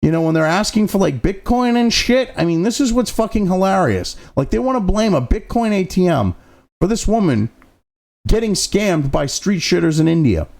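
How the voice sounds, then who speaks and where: A man's voice: high voice, big pitch swings, moderate pace, vocal fry, a little mellow. A man hosting a commentary show, reading news excerpts and breaking off into profane, sarcastic, exasperated rants with mocking asides. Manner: mocking asides between read-out passages.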